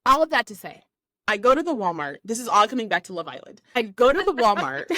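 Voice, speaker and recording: A woman in her forties hosting a podcast, chatting casually and telling stories in an animated way, acting out what people said. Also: mid-range voice, a little fast, no room sound. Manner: animated storyteller who acts out quotes. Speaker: podcast host. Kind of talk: casual chat.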